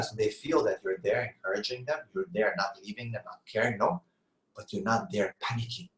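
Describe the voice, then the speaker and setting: A man's voice: lowish voice, brisk, fairly bright tone. Earnest man preaching in an echoey room. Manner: earnest, rhetorical questions and answers. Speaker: Islamic lecturer. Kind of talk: sermon-style talk on parenting.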